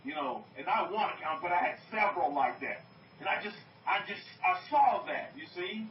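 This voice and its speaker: Animated man teaching a congregation. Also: high voice, moderate pace, slight background noise. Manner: animated, repeats phrases, asks the listeners questions. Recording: roomy, distant, dull.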